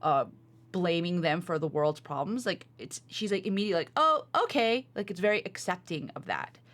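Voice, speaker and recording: A woman co-hosting a casual podcast, chatting in an animated way with lots of fillers. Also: on the low side, brisk. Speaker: podcast co-host. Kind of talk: casual chat.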